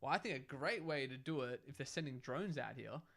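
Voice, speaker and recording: A young man, co-hosting a casual podcast chat and arguing his theory in an animated way. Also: medium pitch, brisk, gravelly. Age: young adult. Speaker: podcast co-host.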